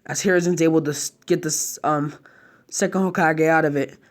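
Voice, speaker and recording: A man's voice: fairly high pitch, fairly even intonation, normal speed. A man narrating a fan-made story casually, chaining run-on clauses with slang and fillers.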